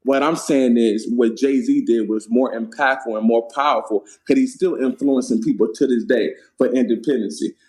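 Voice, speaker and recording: A man making a closing argument in a podcast debate, steady and measured, ending his points firmly. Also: mid-range voice.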